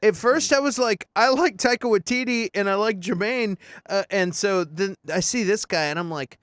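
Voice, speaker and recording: High-voiced man in casual movie chat. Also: moderate pace, dry recording. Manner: excited, laughing, many fillers. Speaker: podcast co-host.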